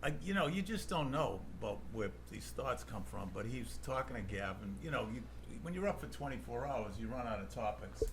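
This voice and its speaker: A man's voice: medium pitch, expressive, brisk, few pauses, a little hiss or hum. A man, a comedian, rambling through profane stories among friends. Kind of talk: storytelling with friends.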